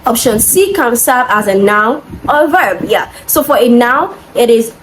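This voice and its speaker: Woman, tutor, methodical, patient, slightly high voice. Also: animated, a little slow, poor audio. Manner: patient, methodical teaching with frequent "okay?" checks. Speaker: English exam tutor. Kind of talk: explaining exam answers. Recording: faint background noise.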